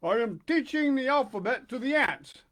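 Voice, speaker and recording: A man's voice: extremely high pitch, expressive, normal speed, fairly bright tone, voice pushed up. A man voicing a frightened old carpenter who stutters and trembles, in a storybook reading. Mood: sarcastic.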